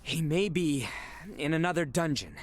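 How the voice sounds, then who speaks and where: An actor voicing a loyal young knight who speaks in a formal, courtly way. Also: male voice, on the high side, expressive, moderate pace. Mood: earnest. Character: loyal young male knight, earnest and protective.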